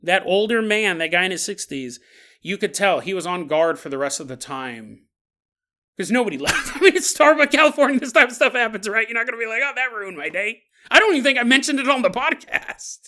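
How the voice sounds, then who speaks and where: A man in his forties with a high voice hosts a podcast and tells a story at an easy, chatty pace. He rambles, corrects himself and chuckles along the way. His tone is bright and forward. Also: animated, fairly quick. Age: 40s. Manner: rambling, self-correcting, chuckles through stories. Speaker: podcast host.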